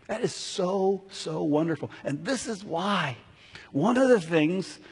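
A man's voice: high voice, expressive, takes it slowly, darkish tone, slightly rough. A man preaching a sermon as a pastor who keeps asking the congregation questions, recorded in a church sanctuary. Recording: long reverb of a large hall.

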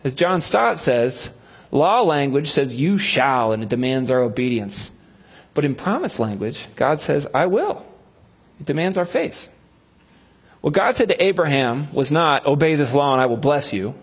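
A man's voice: fairly high pitch, big pitch swings, a little slow, long pauses, slightly rough. A male pastor preaching a sermon, telling a Bible story with humor and acting out the voices of its figures.

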